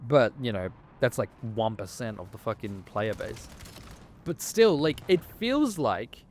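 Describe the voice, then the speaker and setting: A man's voice: medium pitch, big pitch swings, unhurried, slight background noise. A man, ranting casually about a game with lots of swearing and restarts. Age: 20s. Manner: heated, swearing, rambling with frequent restarts. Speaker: gaming vlogger.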